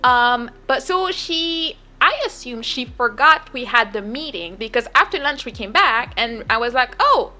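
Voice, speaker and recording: A young woman streamer talks in a high voice that swoops up and down. She tells a story in casual, chatty fashion, looping back with fillers and restarts. Her tone is bright and sharp. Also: animated, a little slow, few pauses.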